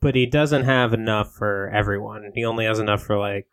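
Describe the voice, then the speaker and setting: Man, deadpan, matter-of-fact, improv chat. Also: on the low side, fairly quick, clear, resonant tone. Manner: deadpan, adds absurd plot twists matter-of-factly. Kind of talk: casual comedic improv chat.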